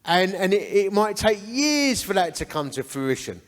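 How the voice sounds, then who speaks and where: A man's voice: sits high, sing-song, normal speed, big-room sound. Essex man giving his life testimony. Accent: Essex English. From Essex, England. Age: 40s. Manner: storytelling, conversational and earnest. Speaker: men's ministry founder speaking at church breakfast. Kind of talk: testimony talk. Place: church hall.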